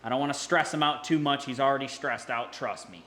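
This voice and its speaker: An excitable man giving hands-on vlog commentary beside a big fish tank, exclaiming and repeating himself as he talks to his viewers. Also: mid-range voice, brisk, roomy sound, a little hiss or hum. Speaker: fish-keeping vlogger. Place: indoors by a large fish tank. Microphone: camera mic, handheld.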